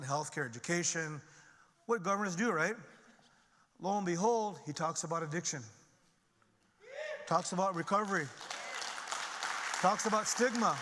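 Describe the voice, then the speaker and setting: A middle-aged man giving an earnest, emphatic personal recovery testimony from a stage to a conference audience. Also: bright, forceful tone. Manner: earnest and emphatic, climbing in pitch and volume when stirred. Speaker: conference speaker. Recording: long reverb of a large hall.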